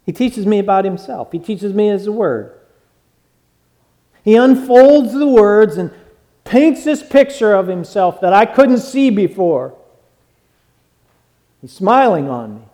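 A man preaching a sermon as pastor, swinging from loud exclaiming to hushed words. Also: high-pitched, animated, slow pace, long pauses.

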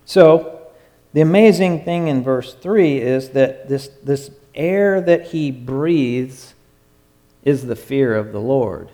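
A man preaching a sermon in an emphatic way, stretching out his phrases and sometimes dropping to a hush. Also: medium pitch, slow pace. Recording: long hall reverb.

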